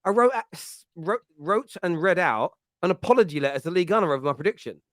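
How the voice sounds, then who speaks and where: Male host, East London accent, slightly high voice, lively chat with laughs and restarts. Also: fast, no echo, studio quality. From East London, England. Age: adult with a school-age child. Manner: animated, chatty, laughs often, frequent restarts. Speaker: fan podcast host. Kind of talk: casual chat, answering live chat comments.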